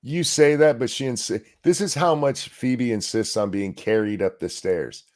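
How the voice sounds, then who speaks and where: A man's voice: medium pitch, normal speed. A man hosting a casual podcast, telling stories in a laid-back way and swearing freely. He is sore and short on sleep. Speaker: podcast host. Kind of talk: casual chat.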